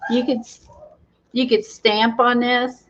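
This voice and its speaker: A woman's voice: fairly high pitch, level tone, slow pace, a bit bright, muffled recording. A woman hosting a craft livestream, chatting casually, laughing often and reading the live chat.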